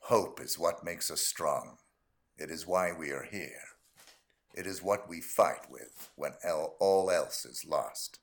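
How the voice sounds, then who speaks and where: A man voicing a grim, stern male warrior god from a video game, with a slow, heavy, solemn delivery. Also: a bass voice, creaky, voice pushed down, exaggerated voice.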